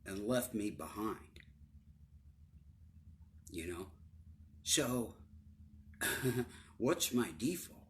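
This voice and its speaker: A man's voice: medium pitch, lively intonation, very slow, pauses often, a little hiss or hum. A middle-aged man telling his own story casually, swearing often, stumbling over repeated words and sometimes sinking to a near-whisper. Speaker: storyteller recounting his life.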